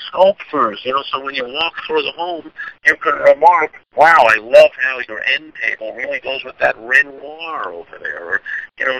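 A man hosts a solo business-advice podcast, talking in a loose, rambling way with many asides and restarts. His voice has a very bright, sharp edge. It sounds dry and close, with no room echo. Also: medium pitch, creaky. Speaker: podcast host.

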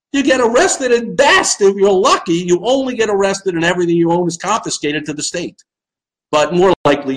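A man's voice: on the high side, low-quality recording. A middle-aged man with a Long Island New York accent, hosting a live-stream show, ranting sarcastically and answering viewers' comments. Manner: animated, sarcastic, swings into loud mocking asides.

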